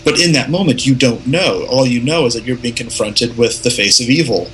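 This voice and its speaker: Man, film chat co-host, bright and lively, acts out quotes; slight background hiss. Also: mid-range voice, a little fast, poor audio. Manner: animated, acts out quoted lines. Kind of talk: casual film discussion.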